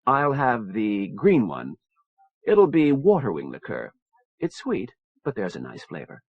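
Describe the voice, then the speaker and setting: A man voicing a poised young woman naval intelligence officer, calm and confiding, on a dull lo-fi cassette recording. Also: on the low side, a little slow, husky, no room sound, heavily acted.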